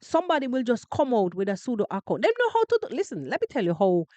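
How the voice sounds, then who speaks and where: Animated Jamaican woman, lively talk. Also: a little high, fast talker, no room sound. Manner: animated, emphatic, repeats phrases for effect. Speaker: podcast host. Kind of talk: casual live commentary.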